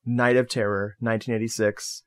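A man's voice: lowish voice, level tone, brisk. A man co-hosting a casual podcast film review. He talks loosely, swears casually and laughs a lot. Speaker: podcast co-host.

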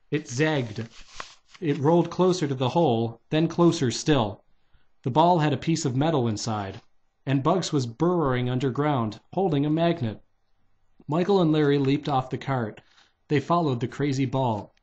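A man's voice: mid-range voice, a little mellow. Man reading a storybook aloud. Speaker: reader. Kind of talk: reading a children's novelization aloud.

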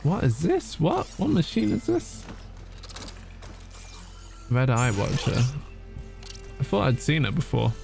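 A man talks slowly and casually over his gameplay, with a gravelly, fry-heavy voice. He swears freely and reads out his chat as he plays. Soft music runs underneath. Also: a little high, wildly swooping pitch. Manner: chatty, swearing, laughing, reading chat aloud. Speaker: streamer.

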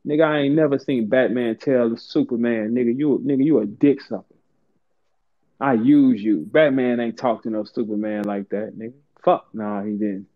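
A man rants down a tinny, phone-like line, his voice a bit higher than most men's. He is profane and boastful, dropping to low mutters and then jumping to high outbursts. It sounds like a heated live audio chat. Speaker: host of an online audio room.

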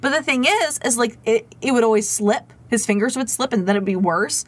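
A woman streaming a game, chatting casually to her viewers and telling stories in an animated way. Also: fairly high pitch, normal speed, few pauses, slight background noise. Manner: chatty, animated storyteller talking to chat. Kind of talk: casual gameplay chat.

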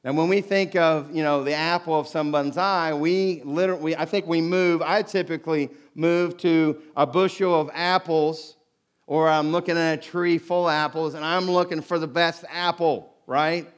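A middle-aged male pastor delivers a sermon in a fairly high voice. He tells a personal story in an animated way, acting out the other people's lines as he goes. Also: normal speed.

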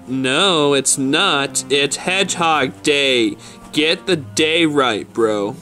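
A man's voice: on the high side, very slow, sharp tone, faint music behind, full character voice. A man voicing a brash, lazy cartoon hedgehog who brags and talks in slang. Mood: insistent. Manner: slangy, boastful, dismissive. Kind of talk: toy stop-motion fan skit voice.

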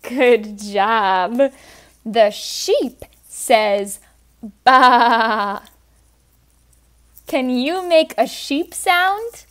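A young woman runs a children's story time, teaching toddlers by getting them to echo simple words she spells out letter by letter in a sing-song way. Her voice sits a little high, with lively intonation and a very slow pace.

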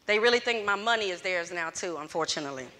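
In an echoey hall before a student audience, the closing speaker, a middle-aged Louisiana woman, shares her story at a fast clip in a lowish voice. She animates the dialogue as she goes, and there is slight background noise.

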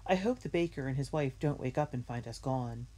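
A woman reading as a steady older brother. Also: rumbling low, a little fast, husky. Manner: calm, in charge. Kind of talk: storybook reading.

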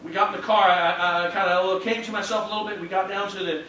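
A man in his thirties preaches in a high, bright voice, telling a personal story with earnest, heartfelt feeling and interjected praise. His voice carries with a heavy echo through a church sanctuary, picked up from some distance with a faint background hum. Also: flat delivery, fast. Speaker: pastor.

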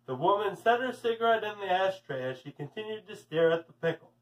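A man's voice: sits high, expressive, brisk, distant mic, poor audio. A man, a teacher, reading a storybook aloud to children in a friendly way. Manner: friendly, addressing kids.

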